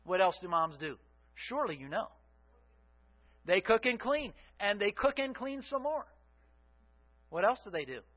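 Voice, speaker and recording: A middle-aged male pastor preaching with a high voice. He keeps it conversational and asks the congregation to fill in the answers. The recording sounds dull and lo-fi. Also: sing-song, measured pace, pauses often. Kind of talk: sermon.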